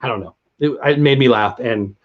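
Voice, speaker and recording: Speaking at a brisk clip with medium pitch, a livestream host from San Diego, USA, chats through a casual interview. He rambles and pokes fun at himself, and the lo-fi sound comes across slightly dull.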